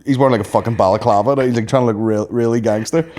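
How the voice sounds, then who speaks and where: A young Northern Irish man speaks at a middling pitch, relaxed and sweary. He laughs his way through rambling stories in casual podcast chat. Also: very fast. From Northern Ireland. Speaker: podcast co-host.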